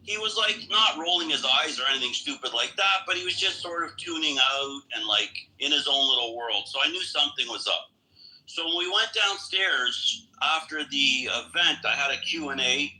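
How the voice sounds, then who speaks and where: Dude on a podcast walking through what happened, sharp bright voice. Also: male voice, a little high, expressive, moderate pace, low-quality recording. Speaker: community organizer. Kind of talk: casual storytelling.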